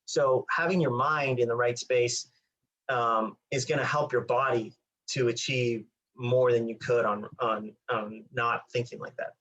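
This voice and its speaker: A man's voice: mid-range voice, steady tone, unhurried, fairly bright tone, highs cut off. A man co-hosting a running podcast, casually explaining training with many fillers. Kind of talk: casual chat.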